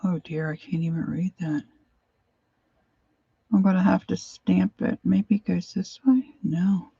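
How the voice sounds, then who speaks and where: Woman crafter, unhurried rambling talk, slightly dull home recording. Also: on the low side, steady tone, vocal fry, dark tone, slightly rough, no room sound. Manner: rambling, talks to herself while rummaging. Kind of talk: casual crafting chat.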